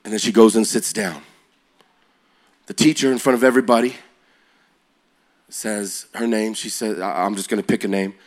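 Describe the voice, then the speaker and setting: A man preaching to young people, telling stories with rising energy and shifting to a slow, quiet prayer. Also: fairly low pitch. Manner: energetic, builds to loud excited peaks; slow and quiet when praying. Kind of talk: sermon storytelling.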